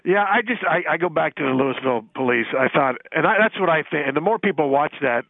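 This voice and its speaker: A man calling in to a radio show on a phone line, talking in a hesitant, halting way and laughing easily. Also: fairly high pitch, lively intonation, gravelly, dry recording. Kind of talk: casual radio talk.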